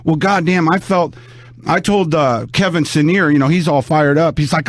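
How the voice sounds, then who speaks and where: A man's voice: fairly high pitch, normal speed, dry recording. A man talking casually on a podcast, rambling and swearing, sounding sore and worn out. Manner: rambling, profane, restarts often.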